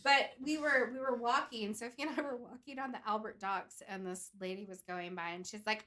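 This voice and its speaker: A young woman with a bright, clear voice recounts a story to her friends on a podcast. She talks casually, full of "like" and "um", in a relaxed and chatty flow. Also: medium pitch, fairly quick. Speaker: podcast co-host telling the case. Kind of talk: casual chat.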